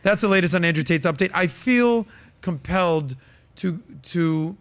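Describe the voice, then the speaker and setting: A man's voice: high-pitched, moderate pace. A man hosting a podcast, giving casual, emphatic commentary that is full of fillers. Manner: emphatic, quoting and reading aloud, many fillers. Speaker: podcast host.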